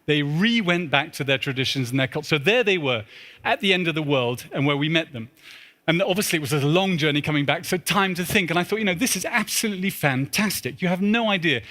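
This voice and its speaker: Fast, bright-voiced man storytelling. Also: on the high side. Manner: animated, acts out his own pleading and inner voices. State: a little out of breath. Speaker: speaker at a symposium. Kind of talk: storytelling keynote talk. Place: large church.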